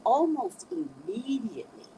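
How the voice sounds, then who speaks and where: A middle-aged woman with a slightly high voice speaks a little slowly, offering casual life advice meant to motivate. Animated, she quotes others in varying voices; the recording is rough with slight background noise.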